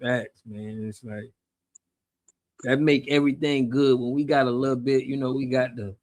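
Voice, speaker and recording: A man's voice: mid-range voice, fairly even intonation, moderate pace, a little mellow. Easygoing man hosting a live chat. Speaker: host. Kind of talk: casual livestream chat.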